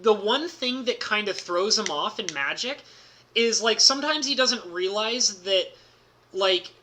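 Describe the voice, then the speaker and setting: Bright-voiced excitable man telling a story. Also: high-pitched, a little slow, slight background noise. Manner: excitable, heavy use of "like" fillers, laughs mid-story. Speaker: streamer. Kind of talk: casual storytelling about a card game.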